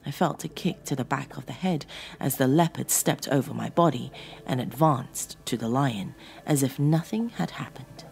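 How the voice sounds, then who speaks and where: A woman narrating a horror story in a slow, dramatic storytelling manner as host of her own show. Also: a bass voice, vocal fry, darkish tone. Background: faint music.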